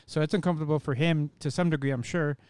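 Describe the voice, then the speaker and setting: A band member in casual conversation, reflective and rambling. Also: male voice, fairly high pitch, fairly even intonation, quick pace, darkish tone, clean tone, no room sound, clean studio sound. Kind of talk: casual chat.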